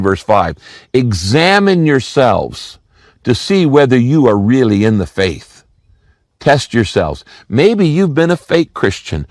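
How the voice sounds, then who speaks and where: A man's voice: medium pitch, no room sound. A male pastor giving a sermon, telling stories earnestly and repeating key lines for emphasis. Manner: earnest storytelling with emphatic repetition.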